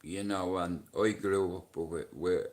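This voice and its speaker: A man's voice: sits low, steady tone, slow pace. A middle-aged man with a Dublin Irish accent, chatting on his livestream, swearing freely and bantering with viewers. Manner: profane, banters with chat and shouts at commenters. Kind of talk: casual livestream chat.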